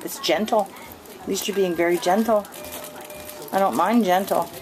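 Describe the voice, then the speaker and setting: A woman breeder filming her puppies at home, narrating casually and slipping into high sing-song baby talk. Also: steady tone, normal speed, music in the background. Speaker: dog breeder. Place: indoor room at home with puppies. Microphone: handheld camera mic. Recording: noisy home camcorder recording.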